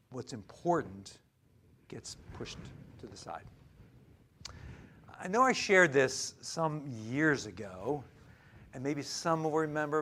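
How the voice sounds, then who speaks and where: A male pastor preaching a sermon in church. He swings from loud emphasis to near-whispered asides and often stammers and restarts. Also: mid-range voice.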